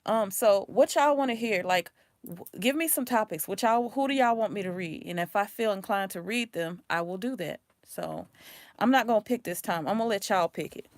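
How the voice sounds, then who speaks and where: Casual, sweary woman tarot reader, Louisiana accent, mid pitch, dry close sound. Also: dry recording. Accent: Louisiana, with some New Orleans. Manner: chatty and rambling, blunt with swearing. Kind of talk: casual livestream chat.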